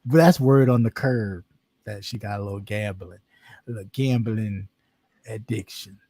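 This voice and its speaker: A man's voice: on the low side, normal speed, mellow. A man hosting a casual talk show, easygoing, who trails off and repeats himself. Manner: laid-back, trailing off, repeats phrases. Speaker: show host. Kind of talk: casual chat.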